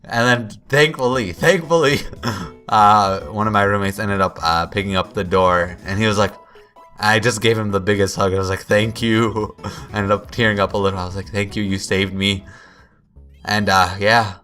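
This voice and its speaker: A man's voice: fairly low pitch, moderate pace, sharp tone. Rambling young man telling a story over game music. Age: young adult. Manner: rambling, self-interrupting, quotes himself. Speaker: gameplay commentator. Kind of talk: casual storytelling over gameplay.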